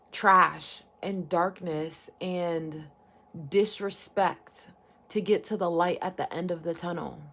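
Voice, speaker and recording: A woman with a mid-range voice reads tarot cards for her viewers. She talks in a loose, wandering way, thinking out loud and swearing casually. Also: mid-range voice. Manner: meandering, informal, musing aloud, swears casually. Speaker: tarot card reader. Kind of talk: intuitive pick-a-card reading.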